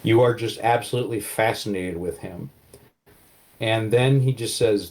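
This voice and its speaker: A man's voice: on the low side, normal speed, a little mellow. A man narrating as game master, in vivid, casual storytelling with many fillers.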